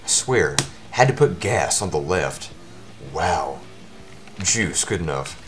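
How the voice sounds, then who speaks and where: A man giving live commentary over his own speedrun, his voice worn from shouting, talking at the game in exasperated outbursts. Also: sits low, lively intonation, takes it slowly, over music.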